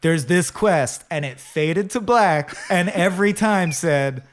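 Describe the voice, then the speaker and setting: A man co-hosting a casual comedic podcast, talking in an animated way and slipping into quick silly voices for the people he describes. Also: sits high. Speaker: podcast co-host.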